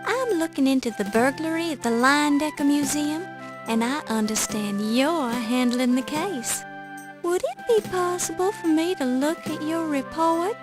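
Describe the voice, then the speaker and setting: A determined young newspaper reporter in an old adventure game, with a fairly high voice. She stays polite while pressing her point. Soft music sits behind her. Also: expressive, a little slow. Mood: insistent. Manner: polite but insistent. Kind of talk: 1990s adventure game voice acting.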